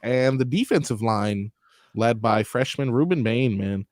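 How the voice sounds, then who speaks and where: A man co-hosting sports radio, measured and wry in casual banter. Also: medium pitch, a little mellow, dry recording, studio quality.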